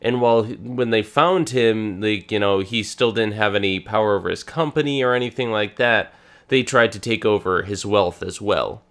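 A man with a cold, co-hosting a casual fan discussion podcast, talking in an excited and halting way with many restarts. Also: on the low side. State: has a cold. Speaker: podcast co-host.

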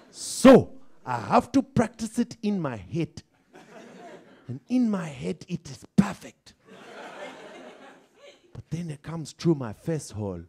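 A man voicing a smug, bigoted male elephant with a South African accent, talking in slow, stiff, deadpan admissions. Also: on the high side, gravelly, exaggerated voice.

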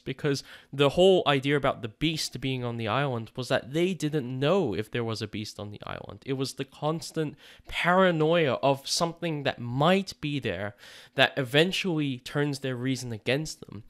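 A man giving a casual, playful summary of a novel, full of mock-dramatic asides. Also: medium pitch. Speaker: online book explainer. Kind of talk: casual comic book summary.

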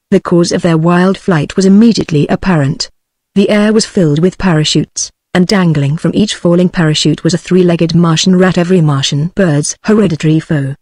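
A synthetic text-to-speech voice narrating an adventure novel with even, mechanical phrasing and a dry sound. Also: mid-range voice, no echo. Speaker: audiobook narrator.

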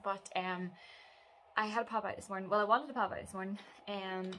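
Vlogging casually at home, a young mother speaks fairly quickly in a mid-range, steady, slightly bright voice, sometimes breaking into sing-song baby talk. There's slight background noise indoors.

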